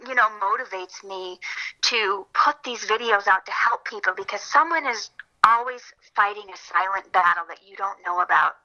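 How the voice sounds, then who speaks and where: Bright youthful-voiced woman on a call. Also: mid-range voice, moderate pace, lo-fi sound. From Minnesota. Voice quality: youthful, light voice. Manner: earnest, animated storytelling with frequent laughs. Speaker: interview guest, filmmaker and actress. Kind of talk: casual interview chat.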